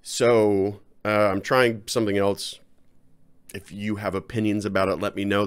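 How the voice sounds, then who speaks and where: A man talking casually to his viewers in a personal vlog, rambling and self-deprecating, halting often with fillers. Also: low voice. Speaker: channel host.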